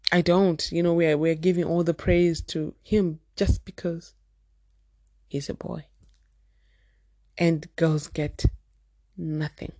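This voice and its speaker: A woman with a Zimbabwean accent speaks to camera in an earnest, emphatic way and often says her main point twice. Her voice sits fairly low for a woman. The sound is close and dry, with no room echo. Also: mellow. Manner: earnest and emphatic, repeats key phrases. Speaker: parenting vlogger. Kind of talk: candid personal talk to camera.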